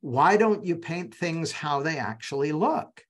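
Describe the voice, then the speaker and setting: A man's voice: fairly high pitch, expressive, measured pace, breathy edge, pitched above the performer's own voice. A man voicing a blunt, skeptical stranger. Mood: incredulous.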